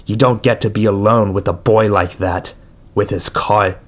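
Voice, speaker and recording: A man reading the lines of a menacing, controlling grown male abductor in a slow, low, taunting drawl for an audiobook. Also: fairly even intonation, close to an everyday voice.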